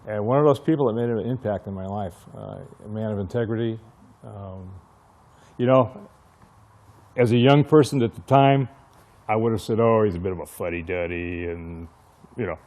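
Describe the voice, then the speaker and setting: Speaking in a lowish, somewhat dark voice at a moderate pace, a retired fire chief reminisces about his career for an oral history interview. This older man tells his stories by acting out the dialogue he remembers.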